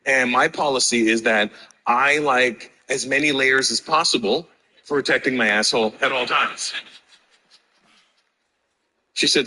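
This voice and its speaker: A man's voice: medium pitch, unhurried, pauses often, bright, forceful tone, a little hiss or hum, rough recording. A man doing a stand-up comedy set in front of a live audience, telling a brash, profane story full of acted-out dialogue.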